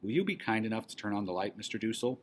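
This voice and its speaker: A man reading aloud for a class, voicing a mother who soothes her frightened daughter in soft, hushed tones. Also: lowish voice, expressive, fast talker, slight background noise, close to an everyday voice. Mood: soothing.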